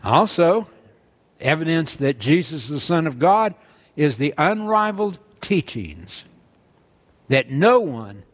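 A man's voice: a little high, fairly bright tone. A man preaching a sermon, earnestly reading scripture aloud and driving his points home with emphasis.

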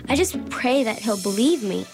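A woman's voice: a little high, lively intonation, moderate pace, a little mellow, faint music behind. A woman playing an earnest, polite young woman who runs interviews in an audio drama. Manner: polite and earnest, giggly when nervous.

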